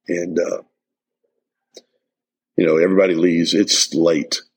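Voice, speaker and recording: A man's voice: low-pitched, level tone, unhurried, husky, rough recording. A middle-aged man hosting a motivational podcast, talking earnestly and emphatically with many restarts. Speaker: life coach and podcast host.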